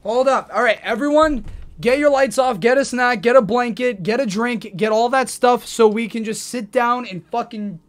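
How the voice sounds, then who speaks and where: A woman's voice: a little high, normal speed. A nineteen-year-old woman streaming, chatting casually and affectionately with her audience and partner. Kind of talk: casual livestream chat.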